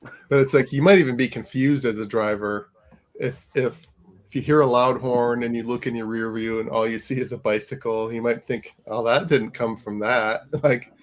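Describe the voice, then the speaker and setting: A man's voice: medium pitch, fairly even intonation, normal speed. Musing man thinking aloud on a podcast. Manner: musing, hesitant, many fillers. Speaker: podcast co-host. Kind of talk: casual chat.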